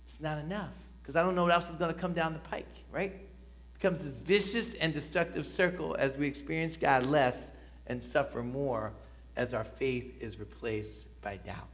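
A man's voice: medium pitch, a bit bright. A middle-aged man preaching a sermon to a church congregation, talking conversationally with emphatic rises and frequent "right?" asides. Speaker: pastor. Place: church sanctuary.

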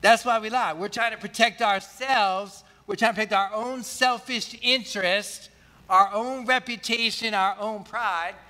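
A man's voice: sits high, fairly even intonation, a little slow, sharp tone, long reverb tail. A man preaching a sermon as pastor, talking in a conversational way and often asking the congregation questions.

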